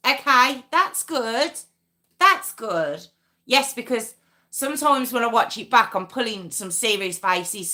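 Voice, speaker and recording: Woman, live stream host, unhurried delivery, bright forward tone, giggly casual chat. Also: on the high side. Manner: chatty, giggly, reads comments aloud. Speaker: true crime livestream host.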